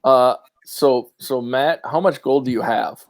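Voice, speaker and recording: A man running a tabletop game as game master, narrating in a relaxed, rambling way. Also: medium pitch, measured pace, dry recording.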